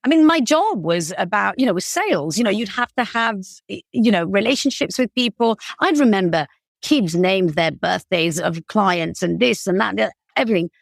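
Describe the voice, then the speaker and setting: A woman's voice: medium pitch, expressive, normal speed, creaky, dry recording, studio quality. A woman in her forties with a British accent, chatting casually as a podcast guest, self-deprecating and full of fillers. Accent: British English. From England. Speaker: guest, cake business founder.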